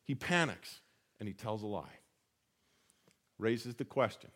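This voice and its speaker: A man's voice: fairly low pitch, lively intonation, a little slow, pauses often, a bit bright. A man preaching a sermon in a conversational teaching manner, asking rhetorical questions and correcting himself as he goes. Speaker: pastor.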